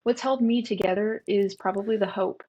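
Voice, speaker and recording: A young woman, a podcast guest, speaking in a soft, reflective way about her faith. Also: mid-range voice, fairly even intonation, normal speed, breathy edge. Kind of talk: casual faith conversation.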